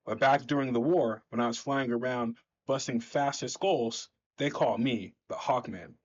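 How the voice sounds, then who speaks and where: A man voicing a gruff, blunt veteran winged hero who talks down to a newcomer, on a slightly dull recording. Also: mid-range voice, normal speed, natural voice. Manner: curt, lecturing.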